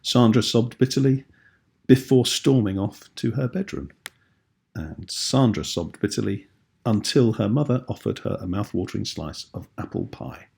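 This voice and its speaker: A British man with a low, gravelly, darkish voice teaches a video lesson. His husky, slightly rough tone stays patient as he lays out each point clearly.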